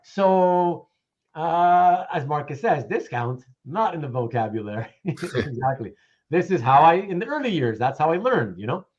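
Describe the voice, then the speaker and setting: Animated male host, lively pitch. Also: moderate pace. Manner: animated storyteller, acts out both sides of a conversation. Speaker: show host. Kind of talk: casual chat, anecdote telling. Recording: dull lo-fi sound.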